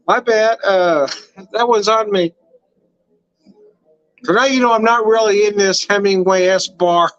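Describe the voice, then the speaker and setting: Older man, laid-back rambling livestream host, slightly high voice, dull webcam recording. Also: measured pace, pauses often, a bit bright, no echo, faint music behind. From Southern California. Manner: rambling, laughs often, swears casually. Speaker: wine vlogger. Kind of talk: casual livestream chat. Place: home room.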